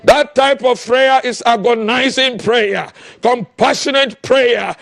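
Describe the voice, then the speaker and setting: High-pitched, gravelly fiery preacher man. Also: slow, hardly any pauses, no echo. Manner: impassioned, often shouting, with repeated calls and refrains. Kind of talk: fiery sermon.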